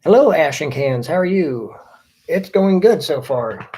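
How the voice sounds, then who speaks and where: A man's voice: on the high side, animated, a little slow, a little mellow. Upbeat man greeting live-stream viewers. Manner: friendly, reads out viewer names one by one.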